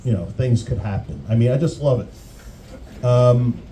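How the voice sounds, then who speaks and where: Man, stand-up comic, crude, rambling, very dark timbre. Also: medium pitch, measured pace, a little hiss or hum, rough recording. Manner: rambling, crude, self-interrupting. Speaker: stand-up comedian. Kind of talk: stand-up comedy routine.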